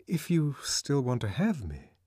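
A breezy young woman who coaxes and teases in a bright, lifted voice, as a male narrator puts her on. Her lines swing lively in a dry, close audiobook reading. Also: medium pitch, unhurried, slightly rough, no room sound, voice pushed up, heavily acted.

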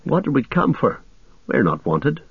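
A man's voice: mid-range voice, big pitch swings, measured pace, vocal fry, breathy edge, no room sound, phone-quality sound, voice pushed up, full character voice. A man reading an audiobook, voicing an anxious young male hobbit who mutters and grumbles. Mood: fretful.

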